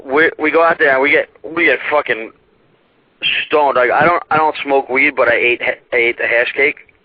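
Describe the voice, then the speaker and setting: A man's voice: mid-range voice, fairly even intonation, moderate pace, dry recording. A young man telling a rambling, profane story about a trip as a guest on a talk show, laughing at his own tale. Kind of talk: casual storytelling. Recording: muffled dry internet radio.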